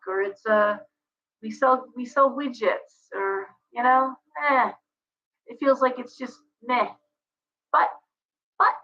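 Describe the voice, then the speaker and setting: A woman hosting a live tarot reading, chatty and meandering with many asides, her voice going hoarse. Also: high-pitched, highs cut off. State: losing her voice.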